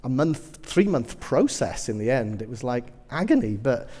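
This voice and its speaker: Lively man preaching in a hall. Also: medium pitch, moderate pace. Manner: animated, humorous storytelling, self-deprecating asides. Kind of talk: sermon with personal stories.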